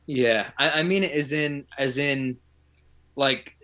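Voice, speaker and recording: A man's voice: medium pitch, slow pace, bright, forceful tone. A man co-hosting a live stream, reading out viewer messages and hesitating over his own thoughts. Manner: hesitant, many fillers and restarts when speaking freely. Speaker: co-host. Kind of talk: casual chat.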